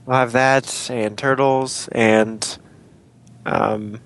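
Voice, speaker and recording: A man's voice: medium pitch, steady tone, very slow, a bit bright. Man, podcast co-host, casual rambling chat, self-deprecating. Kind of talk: casual chat about cartoons.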